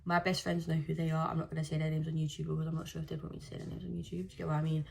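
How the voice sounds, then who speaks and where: A woman's voice: deep voice, completely flat delivery, very fast, vocal fry. A woman, chatting casually as a vlogger and telling stories with slang. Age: 20s. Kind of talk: casual chat.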